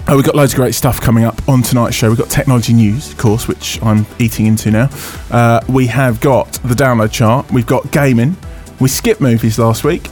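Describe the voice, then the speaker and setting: A man's voice: medium pitch, fairly even intonation, fairly quick, hardly any pauses, darkish tone, faint music behind. A man hosting a radio tech show, chatting loosely and teasing his co-host in a studio. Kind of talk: casual studio banter. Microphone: studio microphone.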